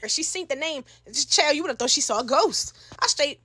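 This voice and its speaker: A young woman tells a messy storytime in a casual, slangy way. Her voice sits high and sounds bright and sharp, and she throws herself into acting out every line. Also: brisk, slight background noise. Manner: animated, slangy, acts out voices in her telling.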